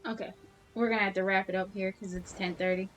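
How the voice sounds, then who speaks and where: A woman talks casually over a game stream, wandering from thought to thought and tossing in wry jokes. Her pitch sits in a middling range. Soft game music plays faintly behind her. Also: steady tone, quick pace. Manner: rambling, chatty, wry jokes. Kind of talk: casual chat while gaming.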